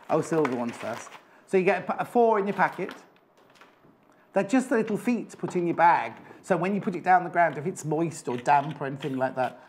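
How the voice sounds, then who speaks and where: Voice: medium pitch, slight background noise. Chatty shopping-channel presenter. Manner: chatty, breaks off for viewer announcements.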